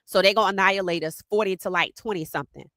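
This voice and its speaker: A woman hosting a casual live sports podcast, talking in an animated, teasing way and greeting chat viewers by name. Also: medium pitch, racing, no echo.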